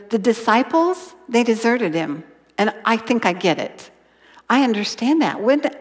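A woman teaching a Bible lesson in an expressive sermon style, sometimes dropping to a whisper for emphasis. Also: on the high side. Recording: long hall reverb.

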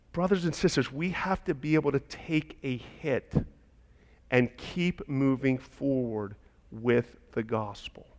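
Fervent man preaching in a reverberant hall. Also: a little high. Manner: impassioned, building to loud emphatic preaching. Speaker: pastor. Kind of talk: sermon.

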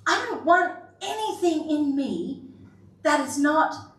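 A woman pastor preaching in a high voice, unhurried and earnest, slipping into stories and little jokes at her own expense. She is heard from a distance in an echoey church hall, with a faint hum of the room behind her. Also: lively intonation. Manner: earnest, storytelling, with self-deprecating asides. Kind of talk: sermon.

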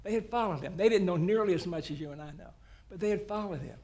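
Guest preacher, man, high-pitched voice, folksy joking storyteller. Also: quick pace, darkish tone. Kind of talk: sermon.

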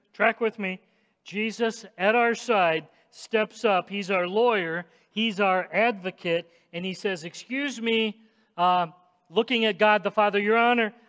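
A man preaching a sermon, speaking emphatically and directly to the congregation and rising to shouts at times. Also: sits high. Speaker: pastor. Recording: long echoing reverb of a large hall.

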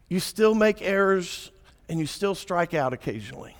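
A man preaching a sermon, swinging between hushed and emphatic delivery. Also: high voice, animated, normal speed. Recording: echoey church hall.

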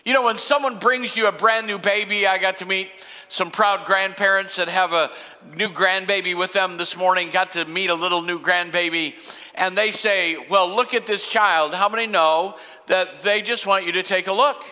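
An older male pastor preaching with a high, bright voice that carries through a long hall reverb. He slows down and pauses for emphasis, and his delivery is earnest. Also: fairly even intonation. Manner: dramatic pauses and slowed emphasis. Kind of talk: sermon.

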